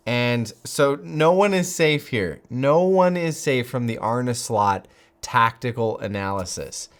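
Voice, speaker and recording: Excitable man with a lively, swooping voice. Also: mid-range voice, takes it slowly. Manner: excitable, gushing, jokey, laughs often. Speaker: football fan channel host. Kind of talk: excited fan commentary to camera.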